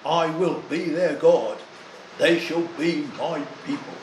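An older man preaching a sermon, deliberate and emphatic, leaning hard on single words. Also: on the high side, reverberant, a little hiss or hum, low-quality recording.

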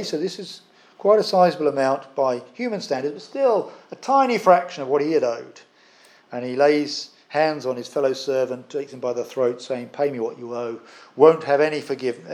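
Earnest preacher man, slightly high voice. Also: a little mellow. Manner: earnest, frequent "uh" fillers and restarts. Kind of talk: sermon.

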